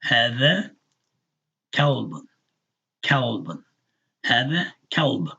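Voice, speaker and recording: A man teaching a live online language lesson, patiently repeating words slowly for learners. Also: medium pitch, sing-song, gravelly, bright, forceful tone, slightly rough, dull audio. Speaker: Arabic teacher.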